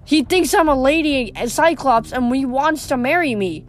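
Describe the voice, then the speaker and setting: A woman voicing a frightened young male satyr, high and pleading. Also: expressive, normal speed. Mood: wailing.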